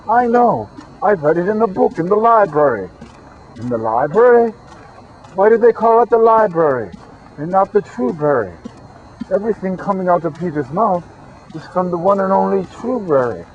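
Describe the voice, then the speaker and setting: A man's voice: sits high, a little mellow. A man hosting a rambling comic monologue, full of playful rhyming wordplay, repetition and crude jokes. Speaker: host of a channeling recording. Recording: dull lo-fi recording with faint traffic noise.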